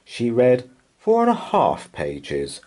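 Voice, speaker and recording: A man reading a children's picture book aloud as a bedtime story, in an expressive, soothing manner. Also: medium pitch, slow pace.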